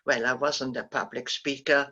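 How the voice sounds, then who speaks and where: An older woman, a Holocaust survivor, gently recounting her memories as a guest speaker, pausing and restarting often. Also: very deep voice, flat delivery, breathy edge, lo-fi sound. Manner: halting, gentle storytelling with frequent restarts. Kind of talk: recounting personal memories in a talk.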